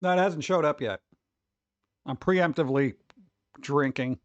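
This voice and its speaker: A man's voice: a little high, a little slow, dry recording, dull audio. A man chatting casually on a live stream, rambling, swearing freely and often laughing.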